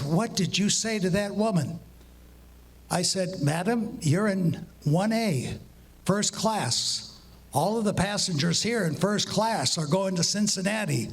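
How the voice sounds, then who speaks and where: A man with a high voice tells long story jokes to a live crowd. He walks through each setup step by step and acts out the quoted dialogue. He slows down to draw out every punchline. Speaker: walk-on joke teller. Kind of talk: stand-up joke telling.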